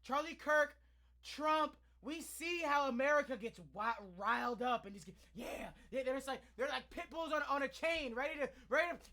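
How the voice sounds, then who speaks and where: A man's voice: very high-pitched, lively intonation, moderate pace, sharp tone. A man hosting a reaction video, ranting in heated, profane commentary.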